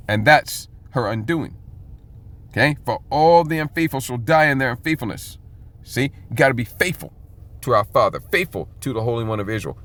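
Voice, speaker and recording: Here the preacher's voice is mid-range and fairly bright as he teaches scripture in an emphatic, conversational sermon. Frequent "okay?" check-ins mix with blunt street slang and the odd bit of profanity.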